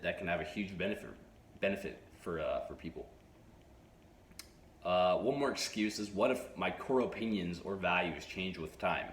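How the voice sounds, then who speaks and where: A man hosting a self-improvement channel, giving advice straight to camera in a halting way, restarting his phrases and taking measured pauses. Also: sits low. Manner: halting, frequent restarts and stutters. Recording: echoey room with faint noise.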